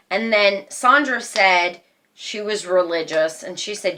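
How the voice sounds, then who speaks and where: Woman, mid-pitch, unhurried personal storytelling, halting with fillers. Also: sharp tone. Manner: slow, halting retelling with many fillers. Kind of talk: personal life story, casual.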